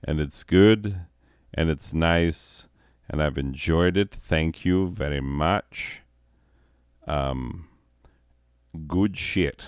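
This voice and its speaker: Male comedy host, high, profane rambler, deep, dry close voice. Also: very slow, long pauses, clear, resonant tone, dry recording. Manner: profane, giggly, meandering. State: high on edibles.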